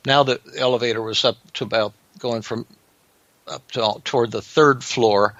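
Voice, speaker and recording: A male psychiatrist hosting a podcast, telling a clinical anecdote in a halting way that often repeats words. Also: mid-range voice, steady tone, fairly bright tone, dry recording, highs cut off.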